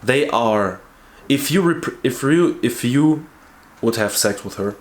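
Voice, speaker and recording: A man's voice: mid-range voice, animated, takes it slowly. A man talking earnestly to camera as a YouTuber, stressing key words by repeating them and restarting sentences as he searches for words. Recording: roomy echo.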